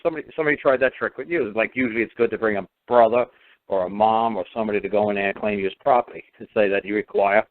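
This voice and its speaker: A man's voice: on the low side, racing. A man on a call-in radio talk show, telling stories emphatically and repeating words for stress. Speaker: radio show guest speaker. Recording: tinny phone line.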